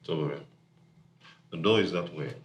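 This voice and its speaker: A man's voice: very deep voice, unhurried. A man with a Nigerian accent playing a smug young company heir in a TV drama, dismissive and taunting. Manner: smug and dismissive, ends lines with a taunting 'hmm?'. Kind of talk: TV drama acting.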